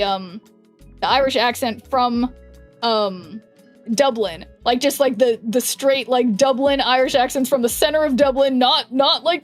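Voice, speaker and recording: Chatty young woman streamer, higher voice. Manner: chatty and rambling, many fillers and self-corrections. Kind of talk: casual chat while gaming, reading chat aloud.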